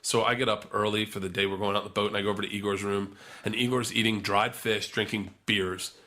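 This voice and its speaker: Bright-voiced man rambling through a story. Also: fairly low pitch, level tone, fast talker. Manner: profane, rambling anecdotes with lots of restarts. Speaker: podcast guest. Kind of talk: storytelling in casual chat.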